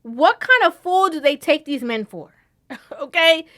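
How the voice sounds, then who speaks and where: A woman hosting a casual commentary vlog, animated, often breaking into laughter and tossing in a questioning "okay?". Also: high-pitched, unhurried. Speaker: vlog host.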